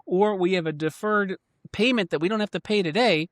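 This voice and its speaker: A man who works as a life insurance agent, co-hosting a casual podcast conversation and making his points emphatically, his voice jumping up in pitch. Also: fairly quick, no echo. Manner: emphatic, with sudden rises in pitch.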